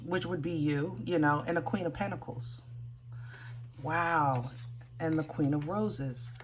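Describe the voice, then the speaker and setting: A woman's voice: on the low side, slight background noise. A woman giving a casual tarot reading, thinking aloud with many fillers and restarts. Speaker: tarot reader.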